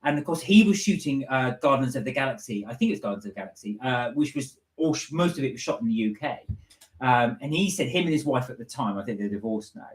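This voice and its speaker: A man's voice: medium pitch, animated, fast talker, echoey room. A man co-hosting a casual live stream, reading viewer comments aloud and teasing them. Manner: reads out chat messages, chatty and teasing.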